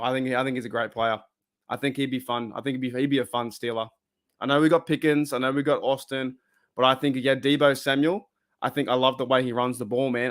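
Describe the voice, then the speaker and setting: An Australian man hosting a casual live stream, talking bluntly and heatedly and swearing freely. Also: mid-range voice.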